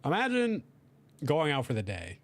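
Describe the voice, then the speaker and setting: Young guy rambling over his sims game, pitch jumping all over, chatty and goofy. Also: normal speed. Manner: animated, talks to his game characters and voices their reactions. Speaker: gaming video creator. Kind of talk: casual gameplay commentary.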